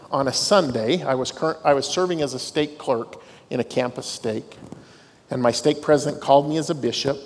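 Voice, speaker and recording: Campus dean telling stories in a hall. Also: male voice, medium pitch. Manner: storytelling, self-deprecating humor. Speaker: dean of students. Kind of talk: devotional talk to students. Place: large hall on a university campus. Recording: long hall reverb, faint noise.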